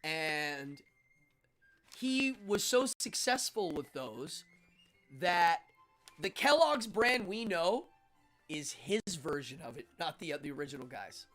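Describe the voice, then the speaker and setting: A man hosting a casual livestream, rambling and excitable, laughing often and reacting out loud to chat messages. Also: a little high, takes it slowly, soft background music. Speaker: host.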